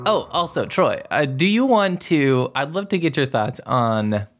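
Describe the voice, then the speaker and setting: A man hosting a podcast, asking halting questions and introducing the episode's reading. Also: mid-range voice, big pitch swings, over loud music. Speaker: podcast host. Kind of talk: casual discussion and episode introduction.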